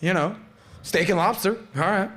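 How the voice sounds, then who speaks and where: A man in his late thirties hosting a casual panel chat. His voice sits a little high for a man, and he talks in a loose, animated way with swearing. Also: normal speed. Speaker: podcast host.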